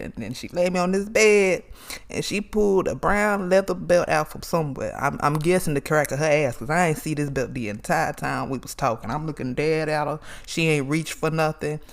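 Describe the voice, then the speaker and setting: Animated, profane storyteller man. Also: on the high side. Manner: animated, profane, calls listeners girl and y'all. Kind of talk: comedic personal storytelling.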